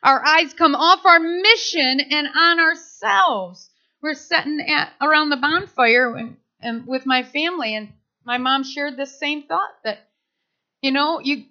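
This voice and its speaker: A woman with a high-sitting voice, recorded with the highs cut off, preaches a sermon. She tells stories animatedly and acts out the quotes.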